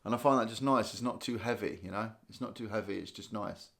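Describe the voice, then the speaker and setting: A man from Guernsey hosts a relaxed live stream, tired from a sleepless night. His voice sits somewhat low, and he chats loosely, thinking aloud and trailing off. He keeps it casual and conversational as he answers viewers. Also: fast talker, vocal fry. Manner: chatty, rambling, thinks aloud with restarts and small laughs. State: tired, yawning. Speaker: livestream host. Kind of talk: casual live chat reading viewer comments.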